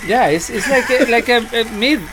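A man's voice: very high-pitched, expressive, fairly quick. A man working as a vocal coach who chats casually on a podcast, often repeating words and laughing easily, with slightly phrasing.

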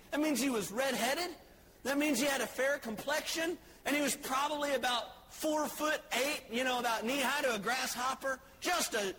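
A male preacher delivers a joking, story-driven sermon, dropping to soft asides and rising to shouts. His voice is very high. A faint hiss runs behind him.

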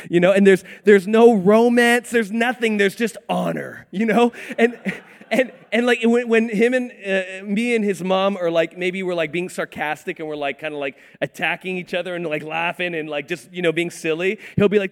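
A man preaching a sermon as a pastor, telling lively stories about his children and laughing often. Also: high voice, moderate pace, big-room sound. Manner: animated, storytelling, laughing often.

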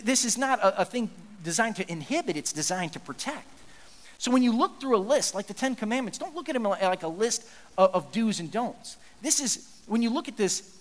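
A male pastor preaches a conversational sermon in a fairly high voice, earnest and plainspoken. He often stumbles and restarts mid-sentence. His voice carries a long reverb from a large hall. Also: fairly bright tone.

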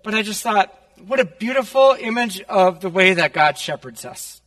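A man's voice: high voice, animated, normal speed, fairly bright tone, long reverb tail. A male pastor preaching casually, telling a personal story with many fillers, in a church. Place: church sanctuary.

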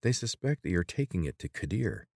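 A man doing a sharp, bossy young woman. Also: deep voice, very animated, fairly quick, vocal fry, no echo, studio quality, exaggerated voice. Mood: urgent, sly. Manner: hissing, urgent and bossy.

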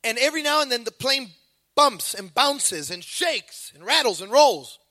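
Bright, lively high-voiced preacher. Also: male voice, normal speed, no room sound. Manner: animated storytelling with acted voices. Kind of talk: sermon.

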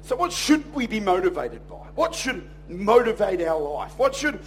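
A man preaching a sermon in church, telling stories in a jokey, animated way and acting out other people's voices. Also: high voice, normal speed, slight background noise. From Australia. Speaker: pastor.

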